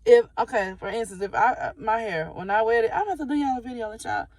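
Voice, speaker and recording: A woman's voice: on the high side, expressive, fast, a little mellow, no echo. Woman hairstylist, casual vlogger, candid and chatty, occasional swearing, dry close mic. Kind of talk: casual talk to camera.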